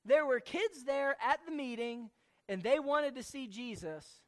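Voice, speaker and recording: A preacher teaching a sermon from scripture, speaking slowly and deliberately, repeating key words and asking the listeners questions. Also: sits high, lively intonation.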